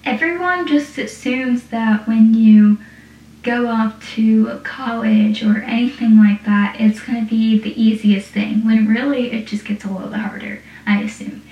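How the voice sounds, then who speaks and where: A woman's voice: on the high side, fairly even intonation, measured pace, dark tone. A woman casually recapping a TV episode, rambling and saying "like" often. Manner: rambling, heavy use of "like". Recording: echoey room, distant dull mic.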